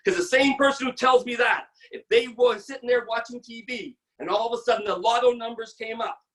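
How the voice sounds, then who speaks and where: A woman in her sixties giving a blunt, energetic motivational sales training talk on a video call. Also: on the high side, fairly quick, distant mic.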